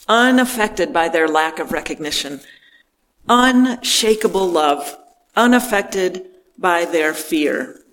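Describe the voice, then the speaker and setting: A man preaching a reflective sermon, speaking gently with pauses between phrases. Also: sits high, in a large hall.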